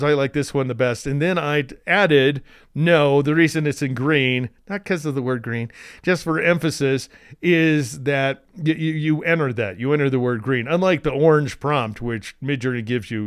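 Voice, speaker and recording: An enthusiastic man walks through a software tutorial while sharing his screen, chatting freely with restarts and asides. His voice sits a little high and stays smooth and clear. The recording is close and dry. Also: normal speed, no room sound.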